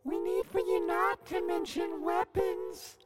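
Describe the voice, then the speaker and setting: A man voicing an anxious radio station producer with a Pittsburgh accent, talking slowly and pleading. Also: extremely high pitch, little pitch movement. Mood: fussy. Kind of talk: improvised comedy podcast.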